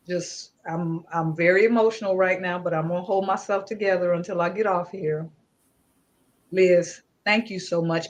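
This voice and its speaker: A woman hosting a livestream talk show, effusive and emotional as she thanks her guest and greets viewers by name. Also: fairly low pitch. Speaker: host.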